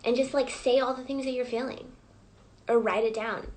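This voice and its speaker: A woman's voice: on the high side, fairly even intonation, normal speed, darkish tone, poor audio. A woman coach leading a live guided reflection session, prompting listeners with repeated questions. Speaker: emotional wellness coach.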